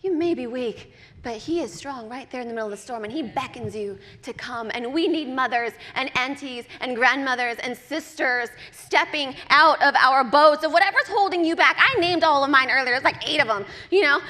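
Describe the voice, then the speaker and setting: High, bright-voiced woman preaching. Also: fairly quick, in a large hall. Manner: animated, personal storytelling with laughs. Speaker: guest speaker at a church. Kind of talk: sermon. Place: church service.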